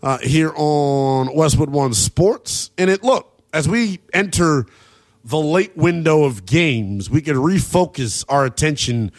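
Energetic man hosting sports talk radio. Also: on the high side, slow pace. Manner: energetic, brash, joking. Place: radio studio.

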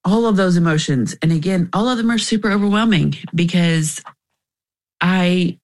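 A woman's voice: lowish voice, moderate pace. A young woman, a guest in an interview, telling her personal story candidly and emotionally, with restarts along the way.

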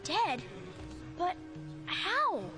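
An anxious, alarmed believer in a radio drama. Her voice is very high and her speech unhurried. Music plays underneath. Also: very animated, full character voice.

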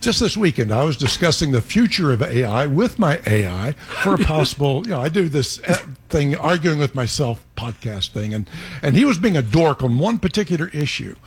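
A man's voice: on the high side, big pitch swings, a little fast, a little hiss or hum. An older man on a talk panel, telling stories against himself in a joking way. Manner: self-mocking storyteller. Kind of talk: panel chat.

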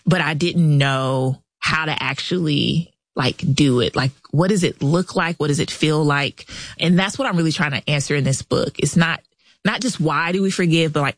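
A woman's voice: low voice, dry recording. Candid woman author telling her story. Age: adult past thirties. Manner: candid, animated retelling with quoted dialogue. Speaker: guest author. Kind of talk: casual interview storytelling.

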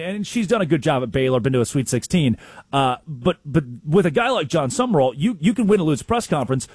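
A high, husky-voiced man on a sports talk show, his pitch swinging wildly as he tells stories. He is recorded dry and close, with no room sound. He acts out coaches he has met in bursts of sudden loudness. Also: a little fast, dry recording. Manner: excitable storyteller, mimics coaches with sudden loud outbursts.

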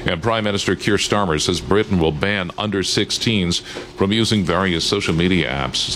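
A man reading world news headlines in a steady, measured scripted style. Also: low voice, slight background noise. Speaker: news reporter.

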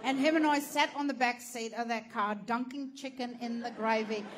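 A woman's voice: fairly high pitch, steady tone, normal speed. An Australian woman doing stand-up storytelling, brash and sweary, laughing through her punchlines. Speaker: stand-up comedian.

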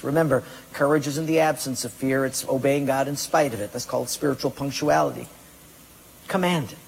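A pastor preaching a sermon with emphatic delivery and rhetorical questions to the congregation. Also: male voice, medium pitch, moderate pace, gravelly, breathy edge. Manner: emphatic preaching, rhetorical questions, acts out excuses in quoted voices. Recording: long hall reverb.

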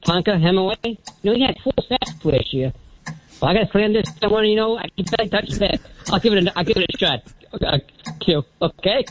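An older retired man calling in on the phone, with a thin high "helium" voice, rambling from one topic to the next. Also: expressive, fairly quick, slight background noise. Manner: rambling, jumps between topics. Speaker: caller. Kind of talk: rambling call-in sports talk. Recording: muffled phone-line call.

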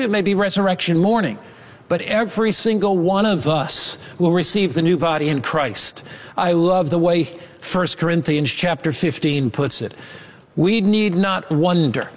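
A man preaching a sermon with an emphatic, repetitive cadence. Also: fairly high pitch. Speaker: pastor.

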